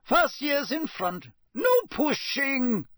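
A man's voice: extremely high pitch, very animated, takes it slowly, pushed and bright, dry recording, clean studio sound, voice pushed up, heavily acted. A man voicing a strict older female professor who snaps clipped orders at pupils. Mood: stern.

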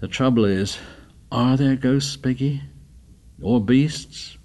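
A man's voice: medium pitch, slow pace, dark tone, voice pushed up, natural voice. Man reading as a cautious worried boy leader. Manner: cautious, hesitant.

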